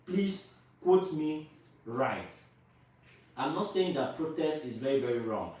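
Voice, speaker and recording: A man's voice: mid-range voice, expressive, measured pace, a little mellow. A Nigerian man vlogging his opinions to camera, emphatic and repetitive, firing rhetorical questions at his viewers. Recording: very echoey room, voice from a distance.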